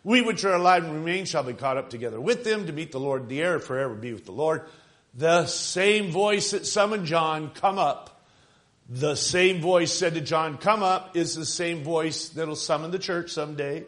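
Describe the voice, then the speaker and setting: A man preaching with a somewhat high voice. He presses key phrases, swells and drops his volume, and checks in with the congregation as he goes. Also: animated, moderate pace, fairly bright tone. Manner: emphatic, rising and falling for emphasis, calls out to the congregation. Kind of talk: sermon.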